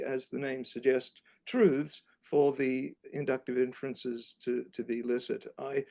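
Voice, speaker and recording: Older man with a gravelly voice. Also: fairly high pitch, a little mellow. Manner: halting, measured, many fillers. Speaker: author and guest speaker. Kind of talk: academic talk. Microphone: video call.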